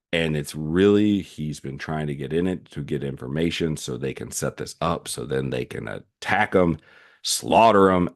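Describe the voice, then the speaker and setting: A man hosting a solo commentary podcast, recapping a series animatedly with frequent fillers and restarts. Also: a bass voice. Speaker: podcast host.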